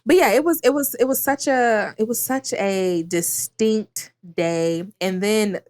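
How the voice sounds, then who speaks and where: A woman in her thirties, a podcast co-host telling a story in casual chat, dramatic and quick to laugh and swear. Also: medium pitch, no room sound. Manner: animated, dramatic, swears freely, laughs often.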